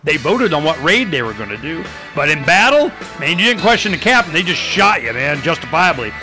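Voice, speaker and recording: A man telling history in a casual, animated way, acting out quotes and using many fillers. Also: on the high side, fairly quick, over music.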